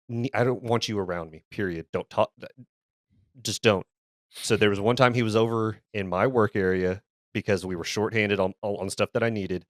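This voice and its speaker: A man's voice: on the low side, dry recording, clean studio sound. Heated, profane man telling a story. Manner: profane, heated, repeats words and restarts. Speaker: podcast co-host. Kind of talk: casual storytelling.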